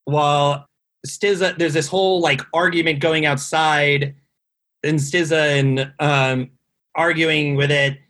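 A man's voice: a little high, steady tone, slow, fairly bright tone. A man casually telling a long, rambling story on a podcast, swearing often and full of fillers. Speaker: guest telling a tour story.

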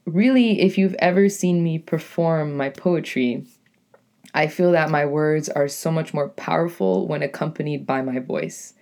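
A young woman with a deep, raspy voice and a New England accent, hosting her own podcast as a poet in a rambling, casual monologue full of "like" and "you know". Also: unhurried, a little mellow. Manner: rambling, lots of "like" and "you know", self-correcting.

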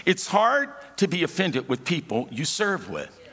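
Male pastor, high and bright, mid-sermon with call-and-response, reverberant sanctuary, faint band underneath. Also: wildly swooping pitch, a little slow. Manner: calls for congregation responses, storytelling, humorous asides. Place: church sanctuary. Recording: hall reverb with faint music.

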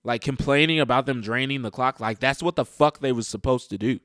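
A man's voice: mid-range voice, a little fast, fairly bright tone, no room sound, studio quality. Profane exasperated man ranting. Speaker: sports fan commentator. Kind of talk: heated casual rant.

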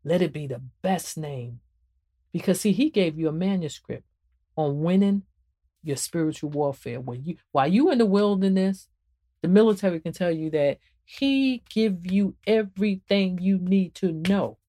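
A woman hosting a spiritual podcast and talking about her book, preaching to listeners in an animated, emphatic way and repeating phrases for emphasis. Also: normal speed. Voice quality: emphatic and animated, swings up and down in pitch. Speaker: podcast host and author.

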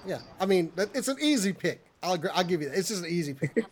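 A podcast co-host riffs on entertainment news with a lively voice that swings widely in pitch. The delivery is animated and exasperated, full of rhetorical questions. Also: fast talker, a little hiss or hum. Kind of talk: casual panel chat.

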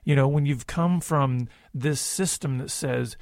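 A man's voice: mid-range voice, a little slow, vocal fry, hardly any pauses, a little mellow, no echo, studio quality. A man co-hosting a faith-based recovery talk as a counselor, speaking in a reflective, conversational way. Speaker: co-host, counselor.

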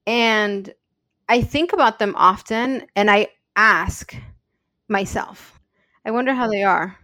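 A woman's voice: medium pitch, takes it slowly, pushed and bright, no room sound, clean studio sound. A woman co-hosting a podcast in casual chat. She tells personal stories in an earnest, open way. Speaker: podcast co-host.

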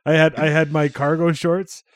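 A man, hosting a casual podcast chat, swearing freely and laughing between quick asides. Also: on the high side, level tone, dry recording, studio quality. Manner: loose and profane, laughs often, quick asides. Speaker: podcast host.

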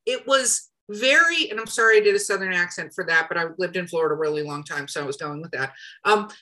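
A woman with a bright, forceful tone hosting a relaxed podcast chat, with a slight cough now and then. She talks in an animated way and slips into little voices when she quotes people. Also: on the low side, fast talker, poor audio. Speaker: podcast host and editor.

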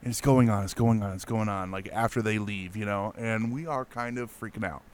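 Man, mid pitch, smooth clear voice, dry close sound; animated casual storyteller. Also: brisk, dry recording. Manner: animated, lots of fillers and restarts. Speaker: guest telling a ghost story.

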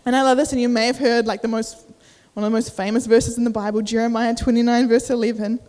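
This youth preacher's fairly high, slightly mellow voice moves quickly and stays mostly flat in pitch. Giving a relaxed sermon, the young woman fills her chatter with fillers, voices her inner thoughts aloud, and is a little short of breath. The church hall adds a noticeable echo.

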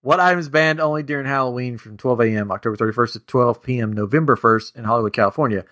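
A man's voice: mid-range voice, fast talker, fairly bright tone. A man hosting a casual podcast, playfully reading out trivia questions to his co-hosts. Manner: playful, reads out quiz questions. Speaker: podcast host running a trivia game.

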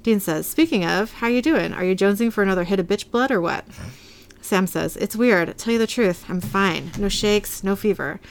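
A woman's voice: medium pitch, normal speed, smooth. Woman casually recapping a TV episode. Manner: reads scenes aloud, quoting lines in a lightly acted way. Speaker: podcast co-host recapping an episode.

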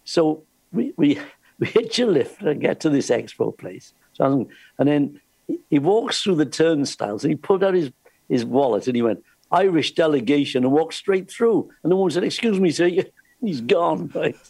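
An older man spins cruise-ship yarns in a slightly husky, raised voice. He laughs often and trips over his words as the story runs ahead of him. The sound is close and dry. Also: a little high, big pitch swings, normal speed, a little mellow, no room sound. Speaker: cruise ship entertainer telling stories. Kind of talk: anecdotal chat.

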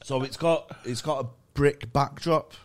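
A man's voice: medium pitch, unhurried. A male stand-up comedian, swearing freely as he tells a story in casual podcast chat.

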